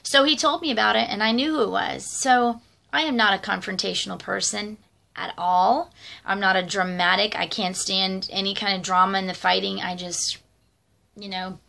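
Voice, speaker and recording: Gravelly middle-aged woman telling stories. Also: mid-range voice, sharp tone. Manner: rambling, conversational, many fillers and asides. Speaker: vlogger. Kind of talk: casual personal storytelling.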